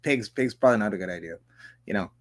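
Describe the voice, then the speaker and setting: A man's voice: lowish voice, fast talker. A man hosting a political commentary show, reading news articles aloud and breaking off with sarcastic, profane asides. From Canada. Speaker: host.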